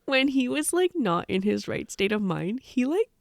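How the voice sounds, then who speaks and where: Young woman, podcast co-host, casual book chat, animated, laughing, dry sound. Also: a little high, moderate pace, gravelly, dry recording. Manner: animated, laughing, acts out quotes in hushed voices.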